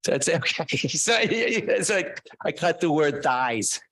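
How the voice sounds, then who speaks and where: A man, a guest author, telling animated, self-mocking stories casually to a class. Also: fairly high pitch, slow pace.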